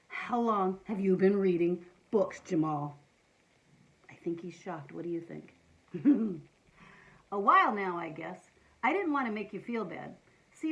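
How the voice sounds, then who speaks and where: Lady reading a kids book out loud, bouncy voice all over the place, chatty little asides. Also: medium pitch, highs cut off. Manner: animated, playful, adds asides to young listeners. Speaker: storytime reader. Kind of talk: children's picture book read-aloud.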